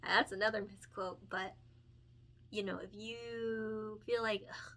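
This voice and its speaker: Bright-voiced chatty young woman. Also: medium pitch, steady tone, slow. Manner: chatty, earnest, many fillers and self-corrections; emotional and encouraging, laughs often. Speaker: picture book illustrator and author. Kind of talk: casual chat while coloring.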